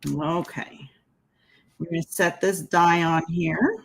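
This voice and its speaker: A woman's voice: fairly low pitch, steady tone, takes it slowly, creaky, breathy edge, low-quality recording. A woman giving a casual crafting tutorial, chatting as she works and laughing at her own slips. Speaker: card-making demonstrator.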